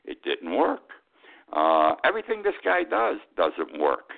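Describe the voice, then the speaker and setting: A man's voice: low voice, sing-song, measured pace, vocal fry. Indignant man on a tinny line. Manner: indignant, rambling, with fillers and emphatic outbursts. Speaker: host of a weekly political talk show. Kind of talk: opinionated political commentary. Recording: tinny phone-like sound.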